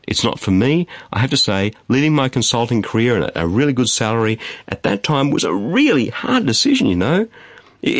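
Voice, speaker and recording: A man preaching a sermon in an emphatic, animated way, repeating phrases for stress. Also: medium pitch, dry recording, studio quality. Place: studio.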